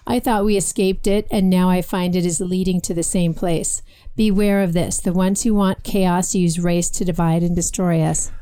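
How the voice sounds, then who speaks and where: A woman co-hosting a casual political talk show, chatty and lively, with quick asides and read-aloud comments. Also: on the low side, clear, resonant tone. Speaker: podcast co-host.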